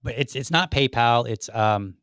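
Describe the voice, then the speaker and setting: A man's voice: mid-range voice, normal speed, a bit bright, clean tone, no echo, studio quality. A man hosting a political podcast, talking casually with frequent restarts and asides. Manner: conversational, many restarts and "like" asides. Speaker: podcast host.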